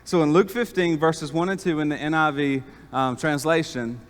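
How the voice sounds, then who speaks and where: A man's voice: fairly high pitch, steady tone, moderate pace. Man preaching in a reverberant church. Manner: folksy storytelling with many fillers. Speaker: pastor. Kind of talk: sermon. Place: church sanctuary. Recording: long reverb of a church hall.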